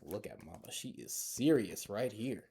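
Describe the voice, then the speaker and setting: A man who is a library storyteller, reading a children's picture book aloud with animated, chatty asides to young listeners. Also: fairly low pitch, measured pace, slight background noise.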